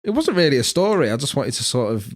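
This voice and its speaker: A man's voice: mid-range voice, very animated, fast. A man co-hosting a podcast, telling family stories with plenty of swearing and laughter. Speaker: podcast co-host. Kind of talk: casual banter, storytelling.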